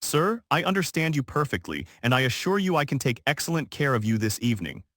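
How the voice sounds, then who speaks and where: A man voicing a calm, courteous young waitress in a narrated story, speaking patiently. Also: mid-range voice, fairly quick, dry recording, studio quality. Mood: polite, composed. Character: poised polite young woman waitress.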